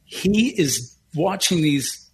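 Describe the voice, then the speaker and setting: A man telling a long story on a podcast in an animated, casual way, acting out the people he quotes and swearing now and then. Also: a little high, slow, creaky, slight background noise.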